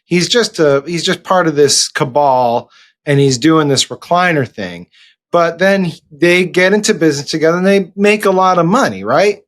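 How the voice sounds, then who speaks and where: A man's voice: fairly high pitch, expressive, moderate pace. A man podcast host chatting casually, then reading a sponsor ad with wry asides. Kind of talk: casual chat and read ad.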